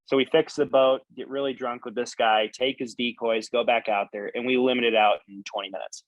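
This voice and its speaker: Man, casual podcast chat, animated storyteller, dry close mic. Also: medium pitch, brisk, dry recording, muffled recording.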